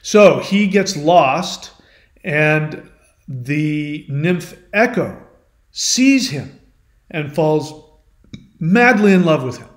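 A man's voice: a little high, expressive, very slow, long pauses. Man retelling a myth in a chatty way. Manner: conversational, explanatory asides to the listener. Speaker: channel host. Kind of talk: storytelling, retelling a myth as a lesson. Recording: roomy echo.

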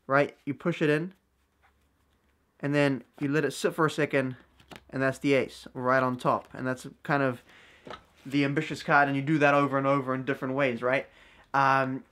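A man's voice: a little high, fairly bright tone. Brief: young male vlogger, light voice, loose slangy storytelling full of fillers. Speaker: vlogger and card magician. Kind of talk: casual storytelling to camera.

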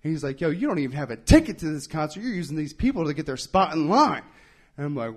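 A young man with a high-pitched voice tells a stand-up story at a live podcast show. He talks in an animated way, shouting and whispering as he acts out the people in it. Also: quick pace, breathy edge. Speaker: stand-up comedian. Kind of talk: stand-up comedy set. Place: live podcast event before an audience.

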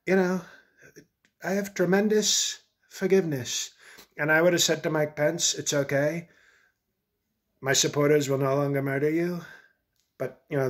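A man's voice: fairly high pitch, fairly bright tone, lightly acted. Guy doing a rambling bragging old ex-president, repeats stuff over and over. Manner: rambling, repetitive, self-aggrandizing. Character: blustering boastful older male ex-president. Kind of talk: comedic political impression.

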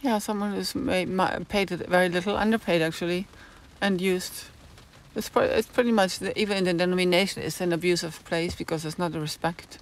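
Frau, plaudernd und grübelnd im Livestream. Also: female voice, fairly low pitch, steady tone, fairly quick. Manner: rambling and musing, searching for words. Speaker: live-stream host. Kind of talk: casual live-stream monologue answering chat.

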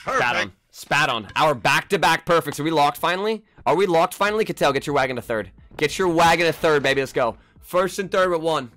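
A young man giving live, trash-talking commentary on his own baseball video game, jumping between low mutters and sudden yells. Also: expressive, brisk. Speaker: gaming YouTuber.

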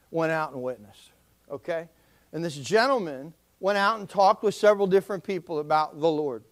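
High-voiced emphatic man preaching. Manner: emphatic preaching, calls on the congregation to respond. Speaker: pastor. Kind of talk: sermon.

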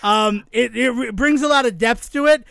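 A man co-hosting a podcast in casual chat, animated, laughing often and acting out quoted exchanges. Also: extremely high pitch, moderate pace, vocal fry, clear, resonant tone, no room sound, studio quality. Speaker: podcast co-host.

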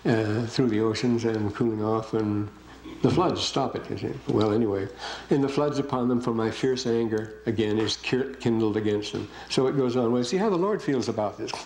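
A man's voice: lowish voice, moderate pace, darkish tone, a little hiss or hum, low-quality recording. An older man giving a classroom lecture, reading verses aloud and breaking in with rambling comments to his students.

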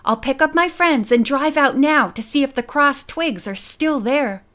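A woman's voice: sits high, unhurried, a bit bright. A woman voicing a bold, kind teenage girl detective in an audiobook, speaking in a friendly, encouraging way.

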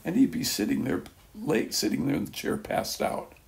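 Older man with a gravelly, rambling voice. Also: medium pitch, wildly swooping pitch. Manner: rambling, halting, with many restarts and soft chuckles. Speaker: speaker at a church gathering. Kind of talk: casual spoken testimony.

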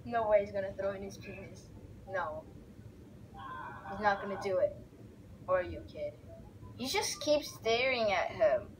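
A young woman giving rambling, excitable let's play commentary as she narrates a game aloud. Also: mid-range voice, a little hiss or hum, rough recording. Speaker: gamer.

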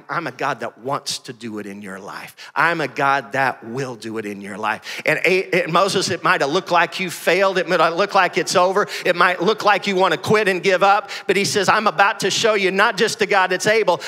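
A man's voice: on the high side, brisk, few pauses, long reverb tail. A man preaching a sermon as pastor, reading scripture and calling on the congregation. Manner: energetic preaching, reads scripture aloud. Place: church sanctuary with congregation.

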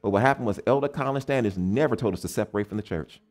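A man's voice: lowish voice, rapid-fire. A man from the United States preaching a camp meeting sermon, asking the congregation questions and acting out the people he quotes. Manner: animated, call-and-response questions to the congregation; acts out quoted people in changed voices.

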